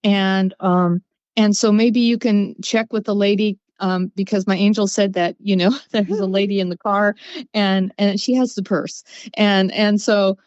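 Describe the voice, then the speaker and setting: A woman's voice: mid-range voice, measured pace, no room sound, lo-fi sound. A woman, a psychic guest on a podcast, telling stories in casual chat and acting out what people said. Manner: storytelling, expressive, acts out quotes.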